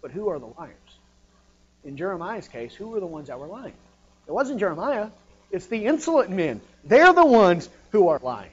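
A man preaching a sermon with impassioned delivery, rising to loud emphatic peaks and dropping low. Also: big pitch swings, normal speed, muffled recording, a little hiss or hum.

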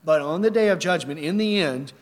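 A man's voice: fairly high pitch, expressive, a little fast. A man preaching a sermon, earnest and emphatic, reading scripture and asking the listeners rhetorical questions. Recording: long hall reverb.

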